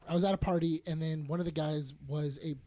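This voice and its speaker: A podcast co-host telling a long, fast-paced anecdote in casual chat. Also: mid-range voice, fairly even intonation, warm tone.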